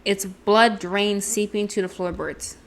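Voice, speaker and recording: A woman's voice: medium pitch, fairly even intonation, a little slow. A woman streaming a game, reading its text aloud and chatting with self-deprecating asides. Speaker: gameplay streamer. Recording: game music playing behind.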